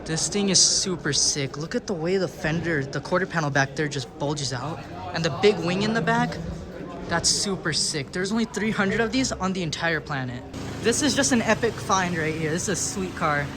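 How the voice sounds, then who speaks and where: Male car vlogger, high voice, eager and gushing, recorded outdoors with heavy street noise. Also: moderate pace. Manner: excited, gushing, repeats slang. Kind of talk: casual car-show walkaround. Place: outdoor car rally lot. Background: cars and outdoor traffic noise.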